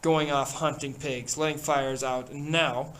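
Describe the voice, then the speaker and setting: A man's voice: on the high side, fairly even intonation, unhurried, fairly bright tone, slight background noise, poor audio. A man voicing an anxious, fussy, reasoning boy while reading a novel aloud. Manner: fretful, pleading.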